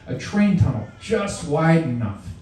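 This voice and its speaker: A man performs his poetry live with a high, lively voice that leaps around in pitch. The delivery is theatrical, moving from shouts down to near-whispers. The recording catches him from across a very echoey room. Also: measured pace. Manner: theatrical, swinging from shouts to murmurs. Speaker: poet. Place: reading venue. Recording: echoey room, mic far off.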